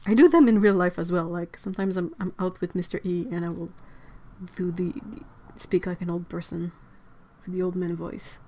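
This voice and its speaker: A woman's voice: lowish voice, steady tone, normal speed, dark tone. A young woman hosting a livestream, chatting casually and giggling to her viewers while she paints.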